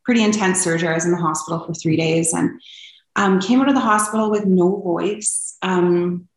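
A woman's voice: lowish voice, moderate pace. A young woman telling her personal story as an interview guest, earnest and open, with frequent ums. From Canada. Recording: echoey room.

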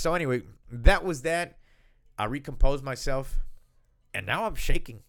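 Animated man swearing through a story. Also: medium pitch, normal speed. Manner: animated, swearing, laughing storyteller acting out quotes. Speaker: husband telling wedding story. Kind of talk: casual chat.

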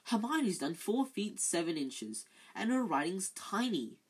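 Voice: mid-range voice, big pitch swings, a little slow, husky, pitched above the performer's own voice. A reader doing a grumbling teenage schoolboy. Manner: complaining, desperate. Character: frantic teenage boy student, grumbling.

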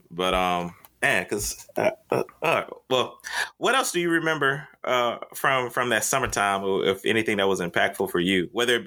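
A man's voice: mid-range voice, pushed and bright. A man in his thirties telling stories in casual chat, swearing freely and acting out the voices of people in his stories. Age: 30s. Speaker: podcast co-host.

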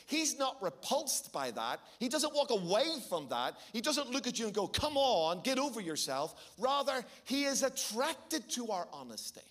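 A middle-aged man with a Belfast accent, preaching a sermon and telling a lively story with shifting pace for emphasis. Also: high-pitched. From Northern Ireland. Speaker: pastor.

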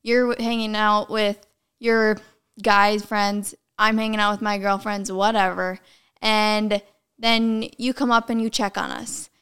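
A young woman guest chatting casually, full of "like" and quick giggles. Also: mid-range voice, level tone, fairly bright tone, clear, resonant tone. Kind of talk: casual chat.

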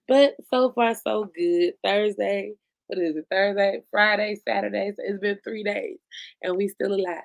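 A woman's voice: medium pitch, slow pace, creaky, long pauses, dry recording. A woman co-hosting a podcast in loose, blunt casual chat, swearing freely and laughing often. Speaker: podcast co-host.

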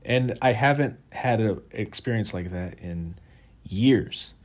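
Low-voiced man candidly reflecting aloud. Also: takes it slowly. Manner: reflective and confessional, frequent restarts, casual swearing. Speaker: vlogger. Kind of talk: candid personal monologue.

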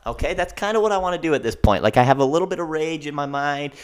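A man's voice: a little high, fast, few pauses, clear, resonant tone. A man hosting a solo podcast, ranting emphatically and often asking "okay?". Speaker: podcast host.

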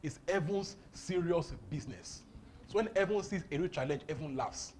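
A man's voice: on the high side, normal speed, darkish tone, a little hiss or hum. A man preaching a charismatic sermon, exuberant and often laughing as he repeats his phrases.

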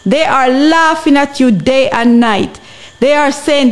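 A woman's voice: high voice, a little slow. A woman with a Jamaican accent speaking earnestly on a podcast, exhorting her listeners and often checking that they understand her. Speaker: guest. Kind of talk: impassioned podcast commentary.

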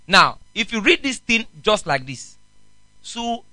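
A man, a pastor preaching a sermon in an animated way and often asking the congregation questions. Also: fairly high pitch, measured pace, pauses often, no echo, low-quality recording.

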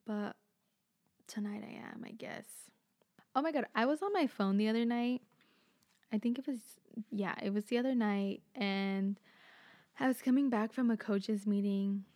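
A woman's voice: mid-range voice, moderate pace, long pauses, dark tone. Rambling young woman podcaster. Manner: rambling, filler-heavy, swears casually. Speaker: podcast host.

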